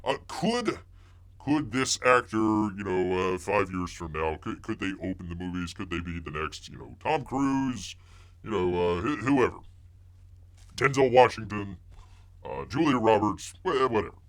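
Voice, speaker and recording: A man's voice: on the low side, lively intonation, measured pace, fairly bright tone. Rambling man calling himself Bear. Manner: refers to himself in the third person as Bear, mock-outraged, rambling. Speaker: host of a live-streamed commentary show. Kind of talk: rambling live-stream commentary reading chat.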